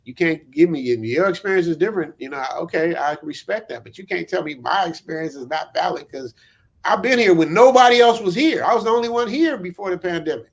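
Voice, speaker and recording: A man on a livestream, chatting casually with a slangy, animated manner and quick laughs. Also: high voice. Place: abroad, lives in Thailand.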